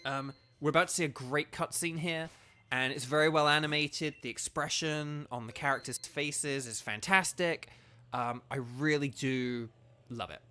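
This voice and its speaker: A man's voice: a little high, pushed and bright. A man streaming a game, enthusiastic and rambling, with many fillers. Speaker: gaming streamer and voice actor. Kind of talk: casual gameplay commentary.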